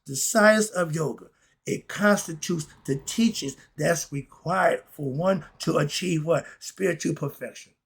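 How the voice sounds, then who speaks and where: A middle-aged man teaching spiritual philosophy, preachy and excitable, firing rhetorical questions at his listeners. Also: a little high, unhurried, creaky, husky. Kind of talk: spoken lesson.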